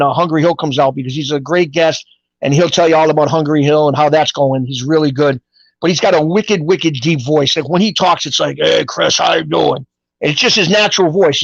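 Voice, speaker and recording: A middle-aged New man talks as a guest in a loose, rambling way, animated and full of street-style grammar. His voice sits a bit high for a man. The audio is dull, lo-fi and dry. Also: no room sound. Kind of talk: casual storytelling interview.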